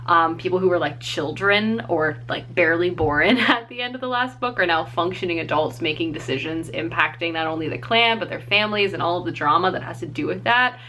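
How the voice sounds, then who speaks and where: A woman's voice: lowish voice, brisk, few pauses, pushed and bright, a little hiss or hum. A young woman vlogging at home on a handheld camera, chatting casually with lots of fillers and self-deprecating asides. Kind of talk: casual chat. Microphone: handheld vlog camera.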